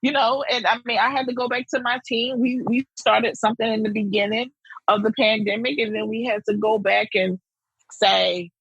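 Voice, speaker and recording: A woman's voice: a little high, fairly even intonation, normal speed, a bit bright, breathy edge, no echo, lo-fi sound. A woman interviewed as a school principal, speaking emphatically and animatedly, repeating key phrases. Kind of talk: interview conversation.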